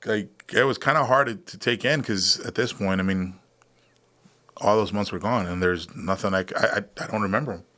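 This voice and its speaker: On a podcast, a veteran in his thirties shares his story openly during a casual chat. He speaks fairly quickly in a lowish, bright, forceful voice, filling his talk with fillers and performing the dialogue he quotes.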